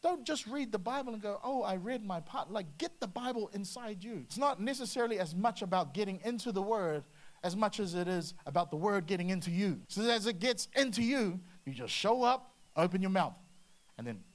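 A preacher giving an energetic, conversational sermon, with frequent restarts and acted asides. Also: medium pitch, normal speed. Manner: lively, slips into acted quotes, many restarts.

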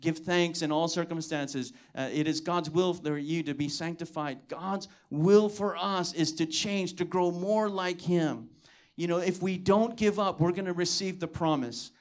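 A man's voice: fairly high pitch, a little slow. A man preaching to his church, telling a personal testimony and acting out the dialogue in it, with repeated calls of "come on". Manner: storytelling, acts out dialogue, exhorts with "come on". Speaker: pastor.

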